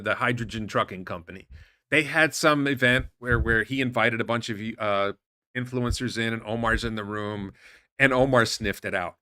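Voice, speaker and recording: A man hosts an online stock show, reacting to posts with indignant, rambling commentary. His voice is bright and forward, mid-pitched, and the recording is close and dry with no room sound. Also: no room sound. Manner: animated, indignant, rambling with restarts. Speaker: stock market show host. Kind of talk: casual commentary reading posts aloud.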